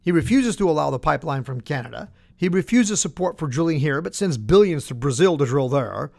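Talk host, male, slightly raised pitch, folksy and sarcastic, firing off rhetorical questions. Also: expressive, fairly quick, creaky, a little mellow, no room sound. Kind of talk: political commentary monologue.

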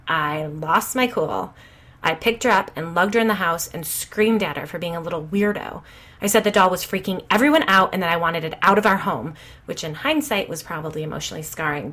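Low-voiced woman narrating a story. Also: a bit bright. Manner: dry, conversational, wry.

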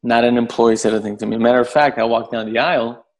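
Man, podcast guest, casual storytelling, animated, profane, average pitch. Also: quick pace. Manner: animated, profane, acts out voices in his story.

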